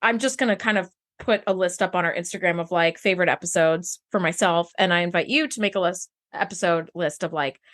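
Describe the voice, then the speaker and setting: A woman's voice: lowish voice, fairly quick, few pauses, a bit bright. A woman co-hosting a podcast who gushes emotionally about a TV episode and peppers her speech with "like.". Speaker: podcast co-host. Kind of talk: casual chat about a TV episode.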